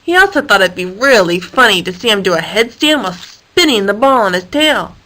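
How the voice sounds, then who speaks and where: A woman reading a children's story aloud in an expressive, playful way. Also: mid-range voice, brisk, few pauses, rough recording. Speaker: storybook reader.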